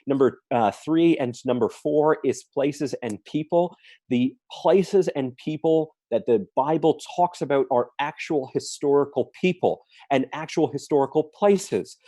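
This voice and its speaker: Earnest man giving a mellow apologetics talk. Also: medium pitch, no room sound. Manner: earnest, listing points with emphasis. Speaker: apologetics speaker. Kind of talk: forum talk answering questions.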